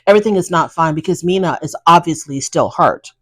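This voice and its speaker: A woman with a fairly low voice gives a casual recap of a reality TV episode. She is blunt and sassy and talks straight to the people she is discussing. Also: fairly quick, slightly rough.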